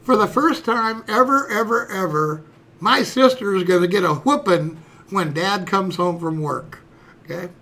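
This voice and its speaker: Gravelly man in his sixties telling a story. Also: high-pitched, unhurried, bright, forceful tone. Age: 60s. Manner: rambling, folksy, fillers like "you know" and "okay". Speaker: streamer. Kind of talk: personal storytelling.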